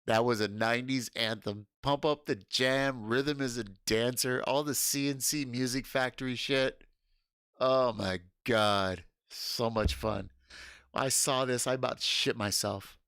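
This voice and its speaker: A man chats on his home livestream in a loud, excitable way, swearing and laughing often. His voice sits at an ordinary middle pitch. The sound is dry and close, with no room echo. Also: measured pace, clear, resonant tone. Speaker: livestream host. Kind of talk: casual livestream chat.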